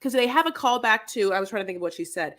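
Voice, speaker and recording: A woman's voice: fairly high pitch, expressive, very fast, a bit bright. A woman co-hosting a podcast, rambling through a casual recap chat full of restarts and swearing. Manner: rambling, self-interrupting, profane. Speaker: podcast co-host.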